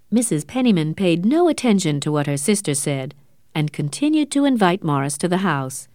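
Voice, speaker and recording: A woman narrating an audiobook in steady, clear scripted storytelling. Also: fairly low pitch, normal speed, no room sound, clean studio sound.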